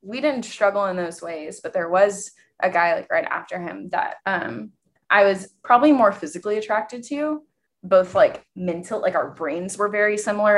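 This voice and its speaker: A young woman co-hosts a casual podcast. She tells a personal story candidly, with plenty of fillers, and her voice rises when she gets animated. Her pitch sits in a middle range. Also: normal speed. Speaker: podcast co-host.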